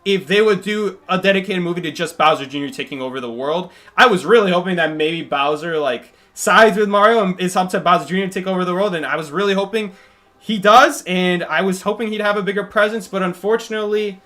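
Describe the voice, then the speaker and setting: A young man with a high-pitched voice chats casually on a live stream. His talk rambles, with animated jumps and frequent self-corrections. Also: brisk. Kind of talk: casual livestream chat.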